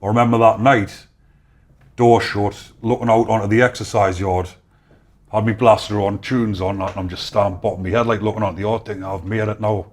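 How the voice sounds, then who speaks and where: North east english guy telling stories on a podcast, lowish voice, does the voices of people he quotes. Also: a little fast. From North East England. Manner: lively storyteller acting out quoted voices. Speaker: podcast guest. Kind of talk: casual storytelling.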